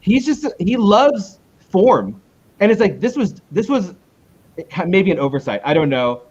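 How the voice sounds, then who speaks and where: A male comic book creator being interviewed in a casual chat. He rambles, restarts himself and jumps up in pitch when he retells conversations. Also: very animated, unhurried, a little mellow, breathy edge, muffled recording.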